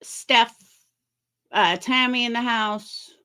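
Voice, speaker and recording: A woman's voice: a little high, takes it slowly, sharp tone, clean tone. A middle-aged woman hosting a casual livestream, chatting with viewers by name and making sarcastic asides. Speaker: livestream commentary host.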